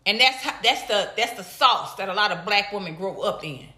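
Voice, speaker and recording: Woman host, bright and fairly high voice, casual live-stream commentary in an echoey room. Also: a little fast. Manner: animated, greets viewers in high excited bursts.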